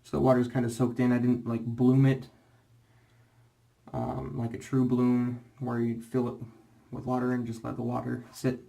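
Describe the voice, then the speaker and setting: A man's voice: mid-range voice, completely flat delivery, moderate pace, gravelly, dark tone. A young man rambling casually in a shaving vlog, full of fillers and restarts, slightly out of breath. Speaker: shaving vlogger.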